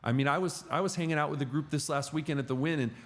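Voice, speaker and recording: A middle-aged man telling stories as a podcast guest in casual, animated conversation. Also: fairly high pitch, rapid-fire. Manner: animated storyteller.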